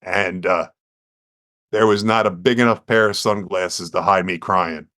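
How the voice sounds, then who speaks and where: A man's voice: low voice, unhurried, no echo, clean studio sound. A man, telling his story earnestly as a podcast guest and acting out quotes with energy. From United States. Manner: earnest, animated storyteller who acts out quotes.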